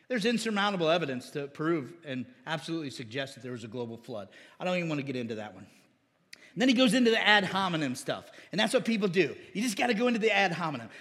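Man, pastor, sermon, animated, high voice, long reverb. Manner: animated, mocking impressions of critics.

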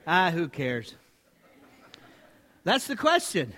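A man with a notably high voice preaches in a church sanctuary, and his words ring out with a long reverb tail. He keeps the sermon conversational, tossing joking asides to the congregation between points. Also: wildly swooping pitch, slow, pauses often, bright, forceful tone. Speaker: pastor.

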